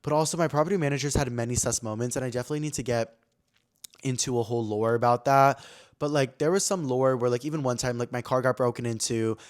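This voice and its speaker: A young man hosting a casual podcast, telling a story animatedly and acting out quoted lines in a high, excited voice. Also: fast. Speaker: podcast host.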